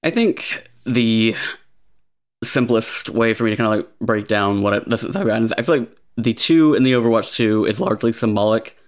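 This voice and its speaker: A man's voice: fairly low pitch, normal speed. A man speaking as a guest on a podcast, thoughtfully explaining his views. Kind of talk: casual podcast talk.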